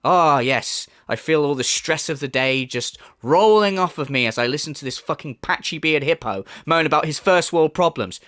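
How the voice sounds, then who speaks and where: A man's voice: fairly high pitch, normal speed, hardly any pauses, a bit bright, dry recording, studio quality. A man delivering a profane, mocking rant as a commentary YouTuber. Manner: profane, mocking, laughs scornfully.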